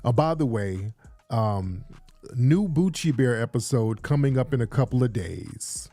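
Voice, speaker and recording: A man's voice: medium pitch, animated, measured pace, mellow, no room sound, soft background music. A man hosting a casual livestream, chatty and hyping, often repeating his phrases, recorded indoors on a studio mic. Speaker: show host. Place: indoors in Los Angeles.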